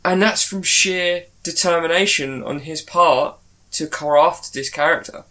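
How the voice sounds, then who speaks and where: A man's voice: on the high side, a little slow, pushed and bright. A man co-hosting a casual chat, giving rambling, opinionated views on television casting. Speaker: podcast co-host.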